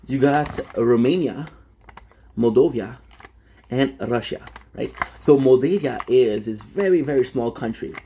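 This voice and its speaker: A man's voice: medium pitch, a little slow, mellow, a little hiss or hum. A young French-Canadian man, native French speaker, rambling casually on a live stream and answering chat with many fillers. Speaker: livestreamer.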